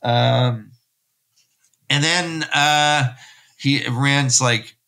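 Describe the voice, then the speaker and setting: A man hosting a podcast, recapping a story in an animated, rambling, jokey way. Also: mid-range voice, measured pace. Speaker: podcast host.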